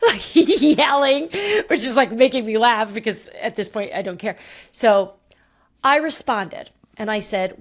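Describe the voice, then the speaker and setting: A woman in her thirties hosting a podcast, telling a story in a lively, animated way and laughing often. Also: on the high side, a little slow. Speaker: podcast host. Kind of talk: casual chat.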